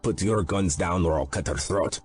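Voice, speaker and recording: A sneering Russian-accented mobster taunts his enemies with slow, cruel menace, as a deep-voiced man puts him on. His voice sits higher than the narrator's own, with a faint music bed behind it in this audiobook. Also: darkish tone, husky. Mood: menacing. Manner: sneering, threatening. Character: menacing male Russian mob underboss, taunting. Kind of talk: audiobook character voice.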